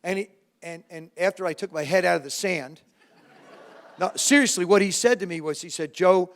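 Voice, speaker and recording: A man around seventy, from New Jersey, telling lively, self-mocking stories to a live audience as a former quarterback and guest speaker. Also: sits high, normal speed. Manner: lively anecdotes with self-mocking humor, frequent restarts. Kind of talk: storytelling talk to a live audience.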